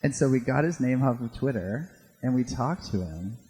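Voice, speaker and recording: A man co-founder tells a lively story on an event stage, slipping into other people's voices as he goes. His voice is husky. The sound carries a long hall reverb. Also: mid-range voice, moderate pace. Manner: animated, acts out others' voices with laughter. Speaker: startup co-founder.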